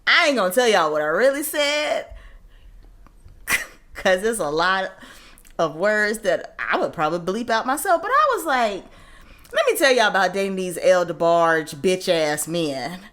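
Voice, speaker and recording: A woman's voice: mid-range voice, measured pace. A woman co-hosting a podcast, telling stories in casual chat with laughing asides. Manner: animated storytelling, laughing asides. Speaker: podcast co-host.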